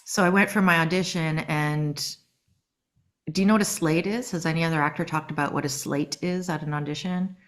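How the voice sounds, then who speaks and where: A middle-aged woman from Canada, a voice actress telling stories in a casual interview, lively and quick to giggle. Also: sits low. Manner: lively, acts out quoted voices, giggles often. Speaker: guest voice actress.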